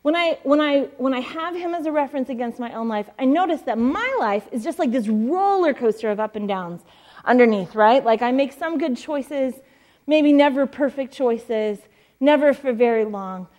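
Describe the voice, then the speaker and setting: Chatty woman preaching with a high voice. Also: expressive, normal speed, darkish tone. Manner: chatty, storytelling, frequent fillers and laughs. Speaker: pastor. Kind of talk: sermon. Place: church stage.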